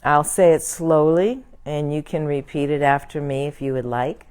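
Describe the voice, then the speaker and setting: A woman minister leading a prayer and closing a church service in a gentle, prayerful way. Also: low-pitched, fairly even intonation, normal speed, smooth.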